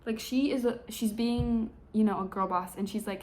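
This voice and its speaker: A woman's voice: fairly high pitch, moderate pace, hardly any pauses, a little mellow, slight background noise. A young adult woman who recaps a book in a casual vlog, talking in a chatty, sarcastic, slangy way. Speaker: book reviewer.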